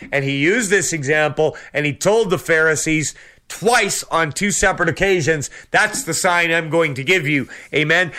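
A fervent male radio preacher whose voice rings bright and forceful. He speaks in a smooth, resonant tone, slightly high-pitched, punctuating every point with amens. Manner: fervent, peppered with amens and praise the lords. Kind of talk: sermon.

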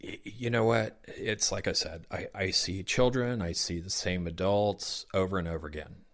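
A man's voice: deep voice, moderate pace. A middle-aged man with a Southern American accent who works as Santa, telling stories in an interview and acting out the children's words. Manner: warm, anecdotal, acts out children's words. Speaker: professional Santa Claus. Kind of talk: interview storytelling.

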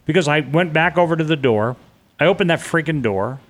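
A man's voice: a little high, lively intonation, a bit bright. Earnest New man retelling his escape. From New York. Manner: earnest, halting retelling with frequent restarts, acting out remembered voices. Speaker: interviewee recounting a disaster escape. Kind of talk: personal storytelling in conversation.

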